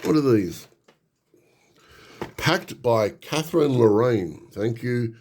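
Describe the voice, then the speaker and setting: A middle-aged man hosting a casual unboxing vlog, excitable and nostalgic, gushing with frequent exclamations. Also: medium pitch, slow, a little hiss or hum. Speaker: hobby channel host.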